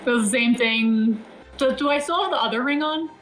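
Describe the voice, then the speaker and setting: A woman's voice: on the high side, moderate pace, a bit bright, faint music behind, low-quality recording. A woman player in a tabletop game, describing her character's moves tersely and matter-of-factly.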